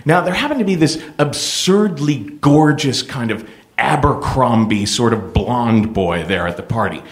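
Animated man telling a personal story. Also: mid-range voice, a little slow. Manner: animated, playful, full of impressions. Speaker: podcast host.

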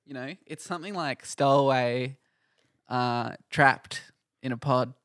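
A man's voice: mid-range voice, a little slow, a bit bright, no room sound, studio quality. Chatty man in casual film talk. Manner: jokey, chatty, repeats words. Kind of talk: casual chat about films.

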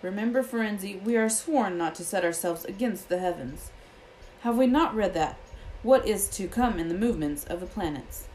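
A woman's voice: medium pitch, animated, normal speed, darkish tone, slight background noise, close to an everyday voice, poor audio. A woman reading aloud voices a proud, angry male centaur who scolds in a raised voice. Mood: scolding. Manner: scolding, indignant.

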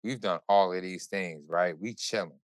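A man hosting a podcast, telling a story in casual chat with animated, profane, run-on delivery. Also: sits low, moderate pace, no echo. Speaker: podcast host.

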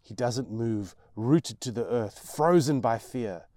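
A man narrating his own novel with slow, intense dramatic storytelling. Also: mid-range voice, a little mellow, no room sound, studio quality. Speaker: author reading his novel.

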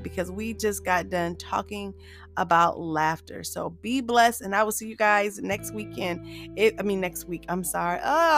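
A woman hosting a solo motivational podcast, chatty and upbeat, often laughing as she talks to her listeners as "you guys". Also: medium pitch. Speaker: podcast host.

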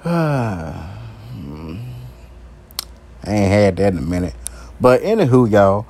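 A man's voice: fairly low pitch, big pitch swings, slow, dark tone. A male talk show host rambling through an unscripted solo monologue, crude and profane, chuckling between his remarks.

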